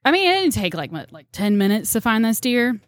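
A young woman, a deer tracker on a podcast, telling animated stories and acting out quotes with laughs. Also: a little high, brisk, dry recording, clean studio sound. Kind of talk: casual storytelling chat.

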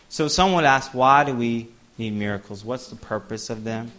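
A middle-aged male preacher telling a story in a sermon. His voice is bright and forceful at a middle pitch. He swings between animated bursts and soft, trailing asides. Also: moderate pace, few pauses. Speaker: pastor.

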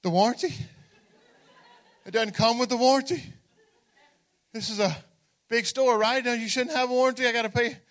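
Male pastor, very high voice, lively comic storyteller who rallies the congregation. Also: normal speed, pauses often. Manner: energetic, humorous, calls out to the congregation. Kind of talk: storytelling sermon.

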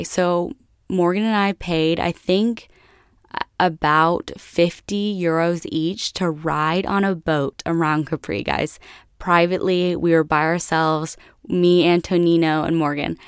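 Chatty young american girl telling a story on her podcast, kinda low voice, super clean dry mic. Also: steady tone, slow pace, smooth, no echo. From United States. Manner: chatty, laughs often, addresses listeners as guys. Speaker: podcast host. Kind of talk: casual solo storytelling.

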